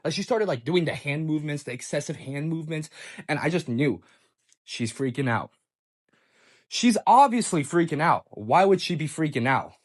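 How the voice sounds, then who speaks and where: A young man telling a personal story in a casual, profane, excitable way, often stammering and restarting. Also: fairly high pitch, normal speed.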